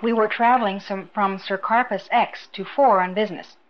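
A woman's voice: medium pitch, fairly even intonation, moderate pace, close to an everyday voice. Earnest young man, read by a woman; firm, direct delivery; dull recording.

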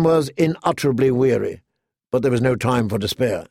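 A man reading a fantasy audiobook in a measured, steady manner. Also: medium pitch, creaky, no echo, studio quality. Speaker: audiobook narrator. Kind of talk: scripted fantasy narration.

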